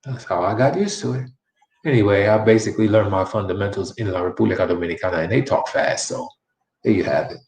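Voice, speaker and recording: A man's voice: fairly low pitch, fast, darkish tone, reverberant, rough recording. A man teaching a live-streamed Spanish lesson, chatty and repeating each phrase many times for practice.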